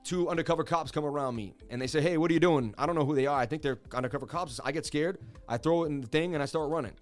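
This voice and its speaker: A man who hosts a market livestream, telling a wild personal story in an excited, repetitive way while speaking straight to viewers. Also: on the high side, rapid-fire, faint music behind. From Boston area, US. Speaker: crypto market streamer.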